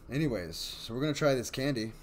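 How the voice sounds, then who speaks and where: A man's voice: medium pitch, animated, a little fast, a little hiss or hum. A man hosting a casual live stream, rambling and apologetic as he chats and reads stories. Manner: rambling and apologetic, with many fillers. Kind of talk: casual live stream chat and story reading.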